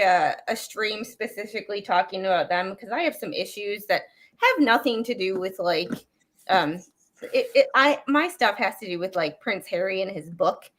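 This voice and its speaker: A woman co-hosts a live stream in casual, chatty talk. She is opinionated, fills her speech with "like" and "um", and her voice sits in a middle pitch. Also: a bit bright. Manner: chatty, opinionated, full of fillers. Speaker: stream co-host.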